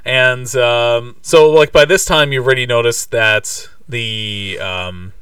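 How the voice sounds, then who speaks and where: Casual podcast co-host, male, mid pitch, recounts plots with frequent "um"s, distant dry recording. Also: takes it slowly, a bit bright, clean tone, dry recording. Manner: rambling, many fillers and restarts. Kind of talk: casual chat retelling a movie.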